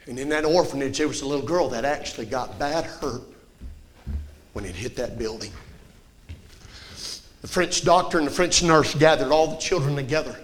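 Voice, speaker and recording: A man preaching a fiery revival sermon in a church, telling a story that swells into impassioned shouting. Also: mid-range voice, expressive, moderate pace, long pauses. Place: church sanctuary.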